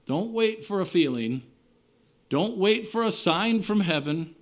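A man preaching a sermon, earnest, rising to emphatic lines and then dropping low and quiet at the ends of phrases. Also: lively intonation, unhurried. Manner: earnest preaching with wide swings between raised and hushed phrases.

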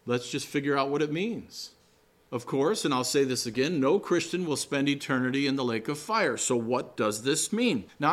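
A man preaching a sermon, teaching from Scripture and the meanings of Greek words, pressing hard on his key words. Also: fairly bright tone. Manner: emphatic, rising to high stressed peaks on key words. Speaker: pastor.

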